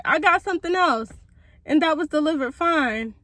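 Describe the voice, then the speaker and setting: High-voiced woman vlogging casually. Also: moderate pace, no echo. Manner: animated, exasperated retelling with repeated restarts. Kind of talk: casual vlog storytelling. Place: in a car and around home.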